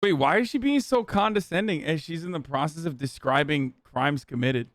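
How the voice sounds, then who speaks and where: A man's voice: a little high, normal speed, fairly bright tone, dry recording. A man in his thirties streaming a reaction, cursing and riffing sarcastically with mock impressions. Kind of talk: casual reaction commentary.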